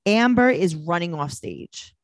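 A woman from California co-hosting a podcast in casual chat, talkative and quick to laugh. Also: lowish voice, lively intonation, no echo, clean studio sound. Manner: chatty, laughing often, acts out quoted people. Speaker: podcast co-host.

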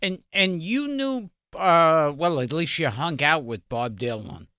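Male podcast host, high and bright, slow, deliberate delivery, dry mic. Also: lively intonation, clean tone, no echo. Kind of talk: casual interview chat.

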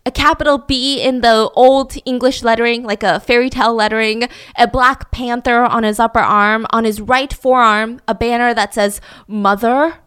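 A woman's voice: on the high side, steady tone, moderate pace, few pauses, fairly bright tone, smooth. A woman hosting a true crime podcast, telling the story in a chatty, heavily sarcastic, mock-admiring way and speaking straight to her listeners. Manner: chatty, addresses listeners directly. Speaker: podcast host.

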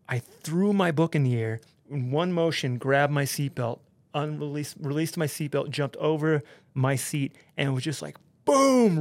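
A man, a podcast guest, telling a story in a casual, animated way, full of swearing and "like" and "dude". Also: mid-range voice, no room sound. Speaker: podcast guest, pro snowboarder.

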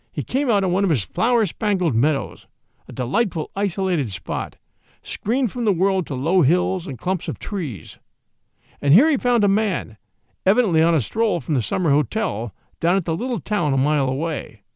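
A man narrating a classic short story with expressive, lively storytelling. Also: high-pitched, moderate pace, gravelly, dry recording, studio quality. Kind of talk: audiobook narration.

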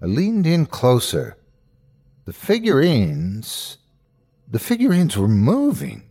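A male host narrating a horror story in a measured voice that builds suspense. He speaks slowly and lets his pitch rise and fall widely. His reading is dramatic throughout. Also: huge pitch swings, dark tone.

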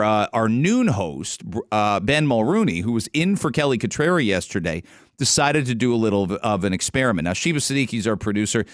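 A man's voice: medium pitch, dry recording, studio quality. Chatty Canadian radio morning host, man. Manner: chatty, joking, musing aloud. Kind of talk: casual radio talk. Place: radio studio. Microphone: studio microphone.

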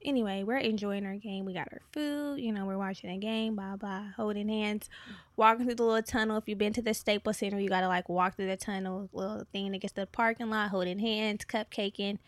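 A woman's voice: medium pitch, brisk, no room sound. Young woman, podcast co-host, chatty storyteller, dry close mic. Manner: animated storytelling, swears freely. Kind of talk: casual podcast chat.

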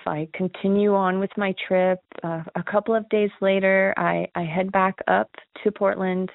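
A woman's voice: medium pitch, vocal fry, no room sound. A woman earnestly recounting a personal ghost encounter, with nervous laughs. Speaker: caller sharing a ghost story. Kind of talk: emotional personal storytelling. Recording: tinny phone line, dry.

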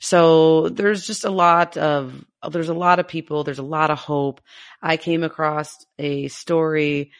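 A woman co-hosting a casual podcast, talking in an emotional, halting way as she gets teary. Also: sits low, steady tone, clear, resonant tone. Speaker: podcast co-host.

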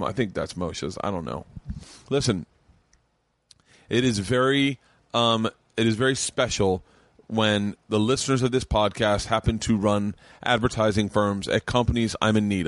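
A man hosting his own comedy podcast, talking loosely and fast, swearing often and rambling with excitement. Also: lowish voice, dry recording. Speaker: podcast host and stand-up comic. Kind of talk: casual podcast chat. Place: home studio room.

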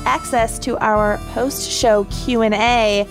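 A woman's voice: on the high side, steady tone, slow, over music. A woman co-hosting a podcast in casual chat, laughing often and plugging events with gusto. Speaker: podcast co-host.

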